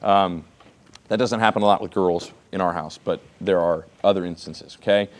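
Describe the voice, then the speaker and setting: A man's voice: low voice, steady tone, normal speed. Chatty man teaching a Bible class. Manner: conversational, rhetorical questions, frequent "okay?".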